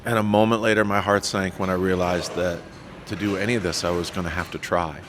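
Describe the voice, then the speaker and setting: A man as a podcast guest, telling his life story in an animated, self-deprecating way and acting out what people said. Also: low-pitched, fast, noisy background. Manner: animated storyteller who acts out his own quotes. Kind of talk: storytelling interview.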